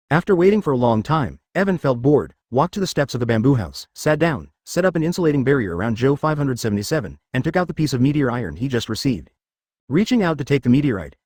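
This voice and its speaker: A man reading a fantasy web novel as scripted audiobook narration, in a rapid, lively storytelling manner. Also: mid-range voice, no room sound, clean studio sound.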